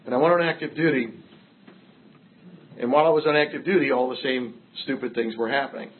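Older man, recovery speaker, wry storyteller, middle-pitched, lo-fi phone-like audio. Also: steady tone, a little fast. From Massachusetts. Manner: wry storytelling, self-mocking humor. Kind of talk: personal recovery story told to a group.

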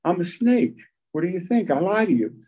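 A man voicing a lying, sly male snake that pleads to be picked up, in a high whining voice. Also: sing-song, fairly quick, darkish tone, breathy edge, heavily acted.

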